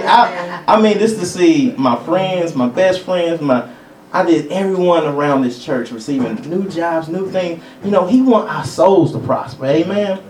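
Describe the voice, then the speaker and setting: A man's voice: fairly high pitch, animated, measured pace, a little mellow, recorded from a distance, a little hiss or hum. Man teaching in an echoey church. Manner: conversational, chuckles between points, calls for amens. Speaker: preacher. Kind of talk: teaching sermon. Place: church sanctuary.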